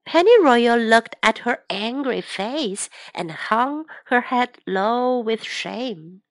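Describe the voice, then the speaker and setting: A woman who teaches English, reading a children's story aloud in two languages in a gentle, careful way. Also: a little high, expressive, slow pace, no echo, studio quality.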